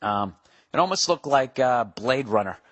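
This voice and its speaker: A man in his forties hosting a podcast, telling a profane comedic story solo, acting out voices in animated asides. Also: medium pitch, normal speed. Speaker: podcast host.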